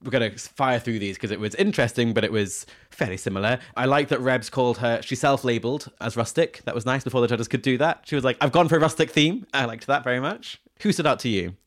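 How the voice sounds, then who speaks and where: A man's voice: medium pitch, quick pace, hardly any pauses, dry recording. A man co-hosting a podcast in casual chat, dry and teasing with cheeky asides. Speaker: podcast co-host.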